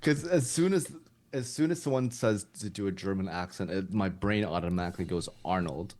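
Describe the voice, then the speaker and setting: Low-voiced man, hesitant podcast chat. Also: a little fast, a little mellow, a little hiss or hum. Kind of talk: casual chat.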